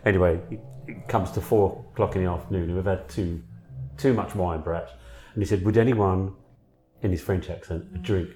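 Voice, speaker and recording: A man's voice: deep voice, fairly even intonation, a little fast, warm tone. A man casually telling anecdotes, swearing and laughing often.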